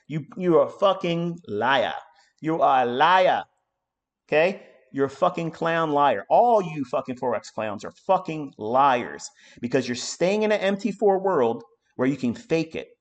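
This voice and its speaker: A middle-aged man giving live trading commentary on a stream, ranting hard and swearing often as he talks. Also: fairly high pitch. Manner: profane, ranting, emphatic. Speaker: trading mentor.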